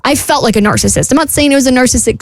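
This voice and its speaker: A woman's voice: sits high, no room sound. A woman co-hosting a radio talk show, telling a rambling personal story with lots of "like"s. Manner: fast, rambling storytelling with many "like"s. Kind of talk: casual chat.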